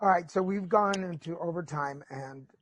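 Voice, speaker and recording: A man's voice: high-pitched, normal speed, a bit bright. A middle-aged man hosting a podcast in a casual chat, telling candid stories with feeling and swearing freely. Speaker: podcast host.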